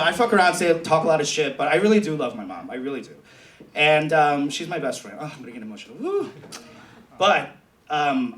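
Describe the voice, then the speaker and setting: A man's voice: on the high side, a little hiss or hum. A man doing a confessional stand-up comedy set on a theater stage. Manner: bawdy, confessional, animated storytelling. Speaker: stand-up comedian and show host. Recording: echoey theater from far off, loud crowd laughter.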